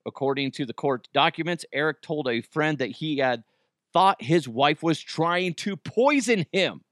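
A man's voice: a little high, fairly bright tone, no room sound, clean studio sound. Jokey, foul-mouthed male podcast host. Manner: joking, swears freely, laughs at own bits. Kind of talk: casual comedic podcast chat.

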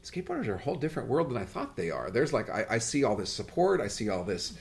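Animated, rambling male podcast host. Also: mid-range voice, fast, creaky. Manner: animated, rambling, jokey storytelling. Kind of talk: casual podcast conversation.

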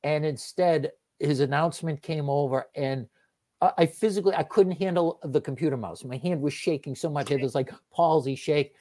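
A man's voice: fairly high pitch, moderate pace, mellow. A man guesting on a sports podcast, chatting casually with dry, self-mocking humor. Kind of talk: casual chat.

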